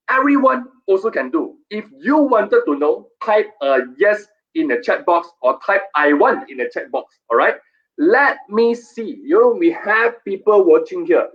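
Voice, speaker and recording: A man hosts a live stream, his fairly high voice swinging up and down with lively energy. He coaxes and playfully scolds his viewers, repeating himself as he drives a sales pitch. The sound is dull and lo-fi. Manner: animated, repetitive, playfully scolding.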